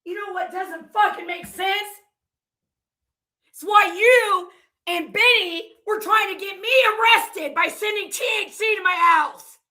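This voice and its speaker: A woman's voice: very high-pitched, a little slow, bright, forceful tone. A woman vlogger reading viewer comments aloud and reacting with heated, profane, confrontational ranting.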